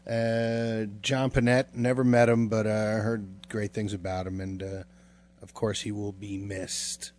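A man's voice: lowish voice, little pitch movement, a little mellow, a little hiss or hum. A man co-hosting a casual podcast, rambling with lots of fillers and trailing off. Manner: rambling, filler-heavy, drawn-out. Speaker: podcast co-host.

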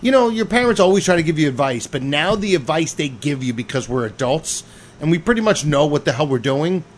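A man's voice: a little high, animated, a little fast, slight background noise. A middle-aged man hosting a radio show, telling rambling, profane stories in casual chat.

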